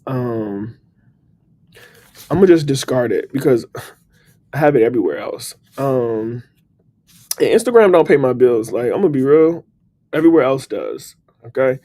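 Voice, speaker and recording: A man hosting a casual motivational live stream, upbeat and slangy, giving shout-outs to his viewers. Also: mid-range voice. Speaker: livestream host. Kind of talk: casual motivational livestream talk.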